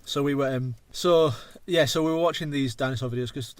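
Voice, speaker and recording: A man's voice: mid-range voice, fairly even intonation, brisk, few pauses, dry recording. Rambling English man, casual chat. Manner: rambling, goes off on tangents, swears a lot. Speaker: podcast host.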